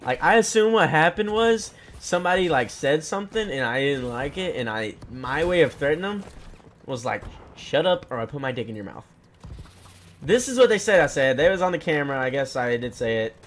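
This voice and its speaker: A teenage boy vents a story in a profane, heated rant, jumping between loud outbursts and low mutters. His voice sits a bit high and swings widely in pitch. A faint noise hangs under the recording. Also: animated, fairly quick. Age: teens. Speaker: vlogger.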